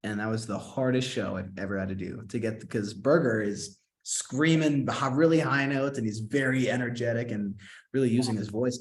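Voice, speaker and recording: A man in his twenties, an actor and singer, telling a story in a casual interview and quoting himself in excited bursts. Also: lowish voice.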